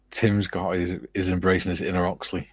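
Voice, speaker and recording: A man's voice: low-pitched, husky, dry recording. A man from the UK hosting a casual livestream, reading out chat comments and laughing often. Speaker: livestream host.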